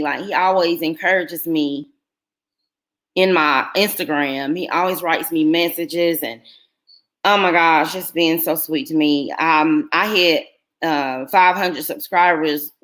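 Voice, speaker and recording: A woman's voice: sits low, a bit bright. A middle-aged woman, chatting casually with viewers on her live stream and telling rambling stories full of fillers. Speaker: YouTuber hosting a live stream.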